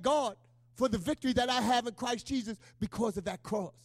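Middle-aged pastor man preaching, really high voice, dry close sound, chatty asks the crowd amen. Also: brisk, no echo. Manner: emotional, conversational preaching with call-and-response asides. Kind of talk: sermon.

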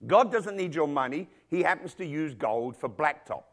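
A man's voice: a little high, expressive, normal speed, a bit bright. A middle-aged man preaching a sermon to his church, emphatic and full of rhetorical questions. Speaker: pastor. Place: church with congregation and children.

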